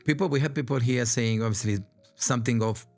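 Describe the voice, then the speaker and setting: A man's voice: mid-range voice, fairly quick, faint music behind. A man hosting a podcast interview in English, which is not his native language; he asks questions conversationally with many fillers. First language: Romanian. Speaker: podcast host. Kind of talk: casual interview.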